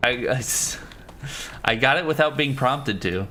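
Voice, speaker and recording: Bright, bouncy-voiced male game streamer. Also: mid-range voice, animated, unhurried, a little hiss or hum. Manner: loose, swears freely, jokey asides. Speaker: gaming livestreamer. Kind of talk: casual live game commentary, reading chat.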